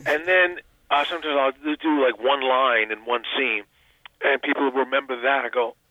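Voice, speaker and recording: A man's voice: medium pitch, fairly even intonation, moderate pace, pushed and bright, no room sound. An older man, an actor and comedian, chatting in a phone interview, self-deprecating and full of restarts. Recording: tinny phone line.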